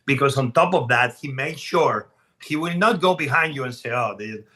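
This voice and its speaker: A man, a chef appearing as a podcast guest, telling stories in an animated, emphatic way and often restarting his sentences. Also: fairly high pitch, normal speed, a little hiss or hum. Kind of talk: casual podcast storytelling.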